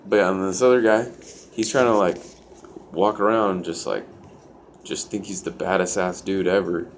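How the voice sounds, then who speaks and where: A man's voice: sits low, fairly even intonation, moderate pace, a little hiss or hum. A young man telling a personal story in a loose, profane way, full of "like" fillers. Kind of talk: casual storytelling.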